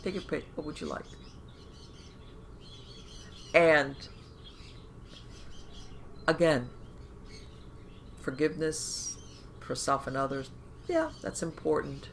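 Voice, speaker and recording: Gravelly-voiced woman podcast host. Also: sits low, slow pace, pauses often, slight background noise. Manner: animated, acts out inner voices and quoted thoughts; talks in loose run-on phrases with many fillers. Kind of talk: conversational advice on a podcast.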